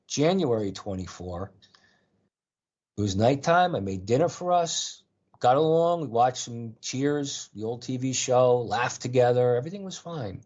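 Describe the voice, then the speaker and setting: A middle-aged man calls in and tells his story in an earnest, rambling way, doubling back and restarting often. His voice is husky, at a middle pitch. The line sounds dull and lo-fi. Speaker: call-in guest. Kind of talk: storytelling in conversation.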